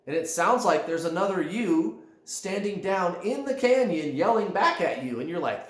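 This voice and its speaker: A man giving a spiritual coaching talk straight to his viewers, emphatic and animated, often calling them guys. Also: fairly high pitch, moderate pace, echoey room. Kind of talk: direct-to-camera coaching talk.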